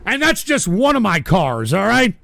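A man with a high-pitched, creaky, fairly bright voice hosts a live-stream talk show, his pitch swooping wildly at a moderate pace. Reading out viewer donations, he rants with profanity, cursing angrily and erratically and breaking into song. The recording is dry.

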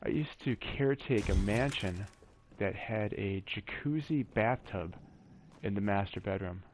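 A man who hosts a gaming channel narrates his solo exploration of a game map in a laid-back, chatty way, throwing in corny jokes. His voice is lowish and unhurried, with slight background noise.

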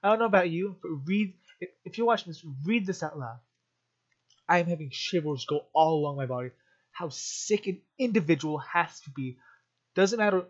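Vlogger, male, slightly high voice, emotional rambling commentary with restarts, muffled lo-fi audio. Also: normal speed. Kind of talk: rambling commentary while reading articles.

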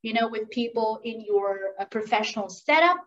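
A woman running an interactive workshop on professional communication, lively and asking the audience questions. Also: a little high, normal speed, distant mic, highs cut off, slight background noise. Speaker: communication skills trainer. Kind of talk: interactive online workshop talk.

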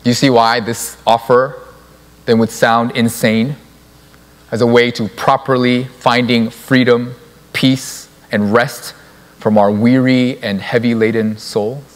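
A man's voice: medium pitch, little pitch movement, measured pace, in a large hall. A young adult man preaching a sermon in a church, stressing key words by repeating them. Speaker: pastor. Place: church sanctuary.

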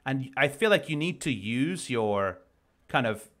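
A man's voice: mid-range voice, animated, a little slow, a bit bright. A man breaking down a recorded match as an esports analyst, explaining plays in detail. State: losing his voice. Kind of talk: game review commentary.

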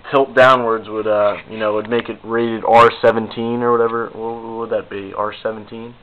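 A man's voice: lowish voice, little pitch movement, moderate pace, hardly any pauses, fairly bright tone, muffled recording, slight background noise. A young man rambling casually to the camera in a goofy, self-mocking vlog. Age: young adult. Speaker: video blogger.

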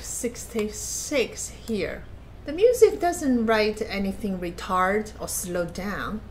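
A woman's voice: a little high, a little hiss or hum. A woman giving patient masterclass feedback as a piano teacher, explaining plainly and counting or humming passages aloud. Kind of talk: masterclass feedback on a recorded performance. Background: piano playing.

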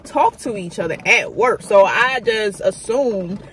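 A woman's voice: mid-range voice, expressive, measured pace, a little hiss or hum. Chatty woman telling a candid storytime. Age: 30s. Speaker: vlogger. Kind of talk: casual storytime. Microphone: phone camera.

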